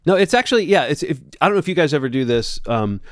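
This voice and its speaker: A man's voice: fairly high pitch, sing-song, fast, no echo, studio quality. A man co-hosting a movie podcast, chatting casually in long, rambling stretches. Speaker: podcast co-host. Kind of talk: casual chat.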